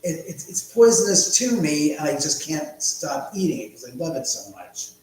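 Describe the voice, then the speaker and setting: A man's voice: a little high, big pitch swings, normal speed, darkish tone, very echoey, slight background noise, rough recording. A man hosting a casual live stream from his home, rambling, muttering to himself and swearing often. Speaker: livestream host.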